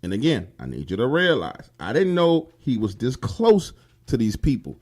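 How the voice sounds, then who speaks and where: A man's voice: mid-range voice, huge pitch swings, moderate pace, a little mellow. A man telling a first-person true horror story in casual, profane street slang, speaking directly to the listener. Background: faint music.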